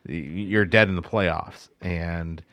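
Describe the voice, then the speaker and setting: Male co-host, deep-ish voice, dry sound, straight-talking analyst. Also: steady tone, slow pace, fairly bright tone, dry recording. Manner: blunt, matter-of-fact. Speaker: podcast co-host and hockey analyst. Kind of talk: casual sports podcast chat.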